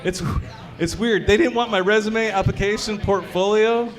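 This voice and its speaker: A man with a high voice performs stand-up at a brewery showcase. He talks crude and casual, keeps checking in with the audience, and delivers his set in a chatty way. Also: fairly even intonation, moderate pace. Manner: crude, conversational, quizzing the crowd. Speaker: stand-up comedian.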